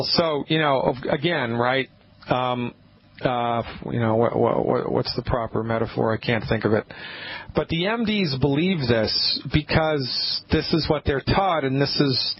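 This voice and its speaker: A man's voice: mid-range voice, normal speed, breathy edge. A man hosting a radio call-in show, talking casually and emphatically, often restarting his sentences. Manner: emphatic, rambling, with frequent restarts. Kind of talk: casual call-in advice talk. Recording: muffled lo-fi radio broadcast with faint hiss.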